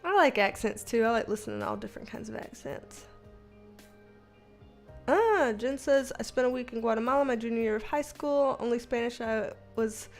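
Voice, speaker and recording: A woman's voice: on the high side, moderate pace, gravelly, soft background music. A young woman hosting a casual livestream, reading viewer comments aloud, chatty, laughing often and swearing now and then. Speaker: livestream host reading chat. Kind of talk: casual chat.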